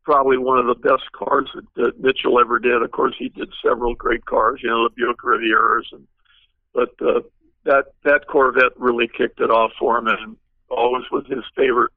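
A man's voice: mid-range voice, little pitch movement, normal speed, no echo, narrow, tinny audio. An older man, a guest car designer, telling long rambling anecdotes with many fillers in an interview. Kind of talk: storytelling interview.

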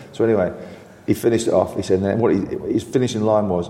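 Deep, dark-voiced older man telling stories. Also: quick pace, hardly any pauses. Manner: chuckling, animated storyteller, full of restarts. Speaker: former footballer, interview guest. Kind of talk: anecdotal storytelling. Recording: roomy reverberant room sound.

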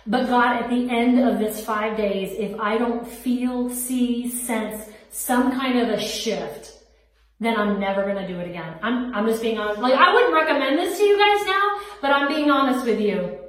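Woman podcast host, heartfelt preacherly testimony, slightly high pitch, distant mic. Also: a little slow. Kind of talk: personal faith testimony. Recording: very echoey room, distant mic.

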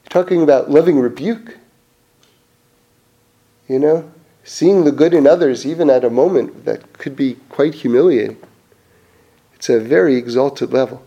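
Animated man telling stories, mellow voice. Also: a little high, creaky, dull audio. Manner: animated, laughs often, restarts sentences. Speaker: storyteller sharing Torah teachings. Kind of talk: casual storytelling talk.

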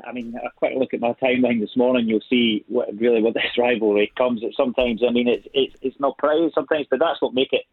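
A man's voice: mid-range voice, steady tone, fast talker, few pauses, slightly rough, no echo. A man with a thick Scottish accent, chatting as a guest over the phone, talkative and self-deprecating. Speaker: guest actor. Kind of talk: casual chat. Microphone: phone call. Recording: tinny phone line.

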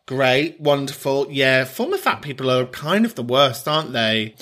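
A man's voice: medium pitch, sing-song, normal speed, hardly any pauses, a bit bright. A man from the UK hosting a podcast in casual comic chat, camp and sweary, often breaking into laughter mid-sentence. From United Kingdom. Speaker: podcast host.

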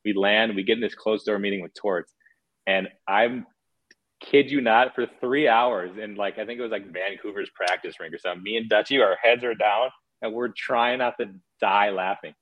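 A man's voice: on the low side, normal speed, lo-fi sound. A man in his thirties, a former hockey player, telling stories as a guest on a casual podcast in a rambling way full of restarts. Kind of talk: casual storytelling chat.

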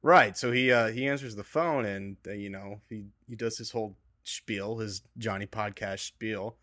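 A man's voice: lowish voice, normal speed, sharp tone, no echo, studio quality. A man appearing as a podcast guest, telling a story in a laid-back way with frequent fillers and "right?"s. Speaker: guest, copier salesman. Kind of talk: comedic podcast banter.

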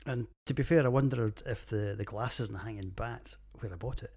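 A man's voice: on the low side, a little fast, darkish tone. A man in his forties hosting a solo beer podcast, rambling crudely and breaking into fits of giggling. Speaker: podcast host reviewing beers.

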